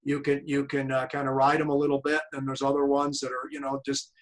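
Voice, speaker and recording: A man's voice: mid-range voice, monotone, fairly quick, poor audio. A man hosting an interview as a tennis coach, chatty and telling anecdotes over a video call. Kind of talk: casual interview chat.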